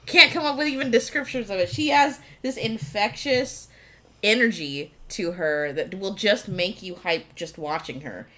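A woman's voice: mid-range voice, moderate pace, bright, forceful tone. A woman on a podcast eagerly talking about a favorite film role, swearing casually and cutting in to correct her co-host. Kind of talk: casual movie discussion.

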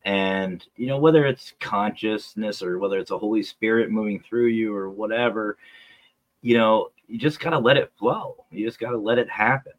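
A man's voice: on the low side, normal speed, rough recording. A man co-hosting a podcast, chatting casually and reflectively, asking rhetorical questions. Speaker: podcast co-host.

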